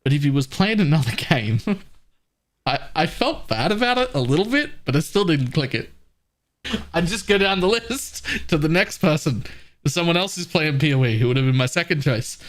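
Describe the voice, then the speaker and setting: A man's voice: a little high, expressive, moderate pace, fairly bright tone. A man streaming a game live, chatting casually with his viewers, laughing often and restarting his phrases.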